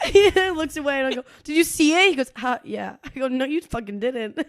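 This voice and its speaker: Animated young woman telling stories, dry close mic. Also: high-pitched, brisk, dry recording. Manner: animated storytelling, acts out quotes, laughs often. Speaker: podcast co-host. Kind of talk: casual chat.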